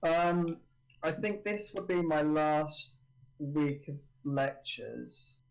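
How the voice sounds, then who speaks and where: A man's voice: on the high side, drawn-out words, creaky, a little hiss or hum, poor audio. A young man, a university student, chatting casually as a stream guest in a laid-back, dry way. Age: young adult.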